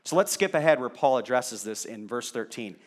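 A man's voice: medium pitch, animated, fairly quick. A male pastor preaching a sermon in a conversational way, asking the congregation rhetorical questions.

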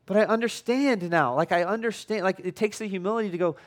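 A male pastor preaching a casual, conversational sermon, often restarting and repeating words, with a tone that can come across as loud. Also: high-pitched, quick pace. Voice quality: tone that can sound loud or angry.

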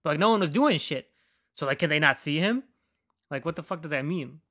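A man's voice: fairly high pitch, expressive, fairly quick, fairly bright tone, no echo, studio quality. A man hosting a podcast in a casual, rambling rant, swearing freely and filling his speech with "like.". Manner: rambling, profane, heavy use of "like". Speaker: podcast host.

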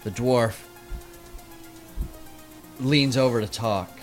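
A man's voice: mid-range voice, slow pace. Man running a tabletop game, vivid playful narration, faint music behind. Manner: vivid, playful, laughing between beats. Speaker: game master.

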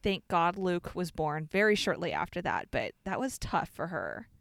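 A woman's voice: on the low side, normal speed, gravelly, no echo, clean studio sound. A young woman from the Chicago suburbs, co-hosting a podcast and telling a family story in casual chat, swearing freely and filling her talk with "like". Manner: animated, swears freely, many "like" fillers. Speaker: podcast co-host.

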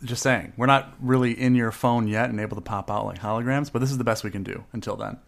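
A man's voice: mid-range voice, fairly even intonation, quick pace, creaky. A man co-hosting a casual podcast, joking and rambling, laughing often. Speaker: podcast co-host.

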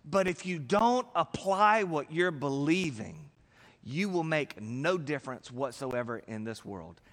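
A man with a high voice preaches a sermon, talking to the room like a conversation and jumping into quick acted-out voices. His lines ring out with the long reverb of a large hall. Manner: animated preaching, acting out voices with big swings in pitch and loudness. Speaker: pastor.

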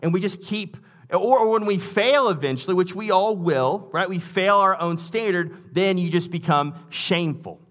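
A male pastor delivering a sermon in a relaxed, conversational tone, often circling back on his own words. His voice sits a little higher than most men's. When he reads scripture aloud, he leans into it with emphasis. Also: moderate pace. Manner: conversational preaching with frequent restarts and asides.

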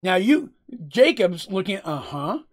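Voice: mid-range voice, big pitch swings, unhurried. A game master casually narrating and answering questions during a tabletop game. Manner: casual, chatty, asks "right?" often.

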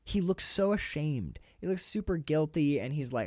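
A man co-hosting a podcast, talking through a film in a casual, animated, profane way. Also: a little high, normal speed, no echo, studio quality. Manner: animated, profane, restarts often. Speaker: podcast co-host.

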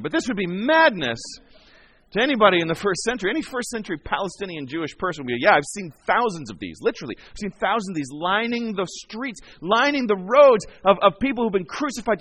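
A male pastor giving a conversational sermon in a church, acting out quoted voices as he goes. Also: high-pitched. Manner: animated, conversational, acts out quotes.

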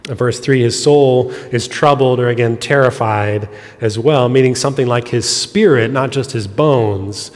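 A man preaching a sermon, explaining scripture in an earnest way, his voice dropping soft and quiet on heavy moments. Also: medium pitch, moderate pace. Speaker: pastor. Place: church sanctuary. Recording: long reverb of a church hall.

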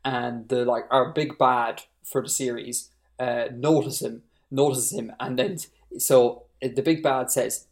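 A podcast co-host chatting casually, ranting with animation and rising pitch when worked up. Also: steady tone, unhurried.

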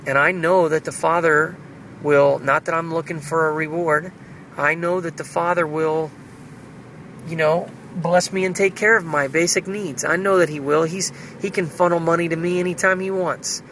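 A man's voice: a little high, steady tone, moderate pace, fairly bright tone, slight background noise, low-quality recording. A man recording an earnest, reflective spiritual video diary, speaking prayerfully about his faith. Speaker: video diarist. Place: car.

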